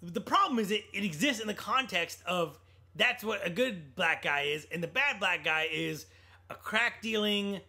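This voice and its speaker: Guy on a movie podcast, high bright voice, swings all over, snarky and swears a lot. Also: normal speed. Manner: animated, sarcastic, quotes movie lines; swears casually, lots of restarts. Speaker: podcast co-host. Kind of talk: casual film review chat.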